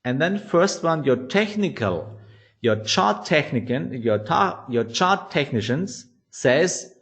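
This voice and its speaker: A man teaching trading psychology in non-native English, animated and often restarting phrases. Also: a little high, slow. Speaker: trading educator. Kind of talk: instructional talk.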